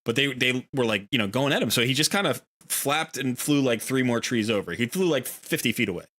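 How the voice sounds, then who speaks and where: A man hosts a relaxed game livestream from his home, talking to chat in a loose, rambling way. His voice sounds bright and forward at an ordinary middle pitch. He drifts into storytelling and drops in playful little voices for the animals. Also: fairly quick. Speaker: game streamer. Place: home room near a window.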